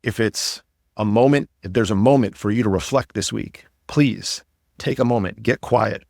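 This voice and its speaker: A man hosts a podcast with a low, grounded voice and an upbeat, encouraging push. He rambles a little as he talks. The sound is dry and close, with no room around it. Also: moderate pace, vocal fry, a little mellow, no room sound. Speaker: podcast host and coach. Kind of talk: casual podcast talk.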